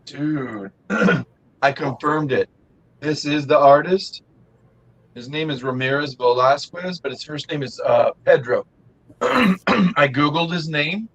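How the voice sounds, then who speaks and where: A man co-hosting a casual podcast hangout, rambling and animated with lots of fillers. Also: on the high side, takes it slowly, slightly rough, rough recording. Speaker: podcast co-host. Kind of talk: casual chat.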